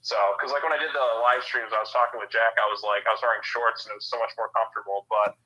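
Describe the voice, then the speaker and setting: A man's voice: on the low side, steady tone, quick pace, sharp tone. A young man, a podcast guest, talking on a phone while walking outdoors, a bit out of breath and rambling with many uhs and likes. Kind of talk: casual movie chat. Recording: dull phone-quality audio.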